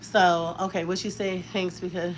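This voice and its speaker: A woman in her thirties speaks at a moderate pace in a fairly low voice with little pitch movement. She's a talkative mother doing her daughter's hair, chatting openly and in slang. The recording is low quality, with slight background noise.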